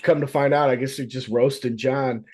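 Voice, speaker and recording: A man's voice: mid-range voice, fairly even intonation, moderate pace, a little mellow. A man co-hosting a podcast over a video call, joking crudely and bantering. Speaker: podcast co-host. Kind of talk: casual chat.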